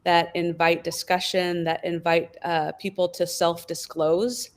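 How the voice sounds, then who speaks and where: A woman with a lowish voice talks through her ideas on a discussion panel. She is thoughtful and lively, and every so often she slips into the inner voice of the people she describes. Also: a little slow. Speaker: panel guest from a wellbeing app company.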